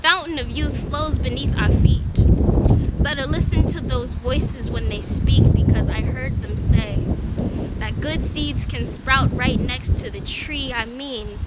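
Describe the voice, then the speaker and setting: A woman's voice: high-pitched, takes it slowly, heavy background noise. A woman from Tampa with a Southern accent performing spoken word poetry in a rhythmic, emphatic way, then chatting about her start. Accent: Southern US, Tampa Florida. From Tampa, Florida. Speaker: poet.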